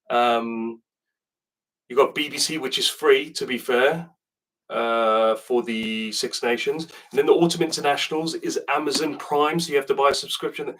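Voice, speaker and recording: A man's voice: medium pitch, fairly bright tone, distant mic. A man from South Africa who speaks with a southern English accent, chatting casually as a rugby video host and rambling through viewer questions with asides and restarts. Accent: British, southern English. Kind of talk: casual chat to camera.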